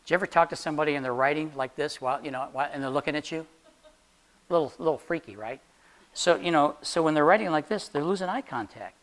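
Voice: medium pitch, quick pace, a bit bright. A chatty instructor leads a class through practical advice in a loose, conversational way. The voice keeps throwing questions out to the room and slips in jokes along the way. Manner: jokey, laughs at own jokes. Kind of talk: classroom talk on job interviews.

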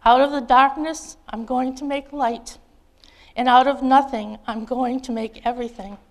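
A gentle, kindly God speaking from a children's storybook, voiced by a woman reading aloud. The voice sits fairly high and reads in a warm, unhurried way. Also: steady tone. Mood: tender.

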